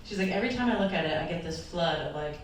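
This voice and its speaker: A woman's voice: fairly low pitch, lively intonation, fast talker, slight background noise. A woman pastor giving an earnest, emotional sermon, her voice sometimes wavering as if near tears. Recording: echoey hall from far off.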